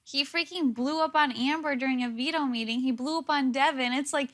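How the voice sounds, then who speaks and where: A woman telling stories in a casual interview, quick and animated, with plenty of fillers. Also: sits high. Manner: rapid, filler-heavy, animated. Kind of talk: casual storytelling.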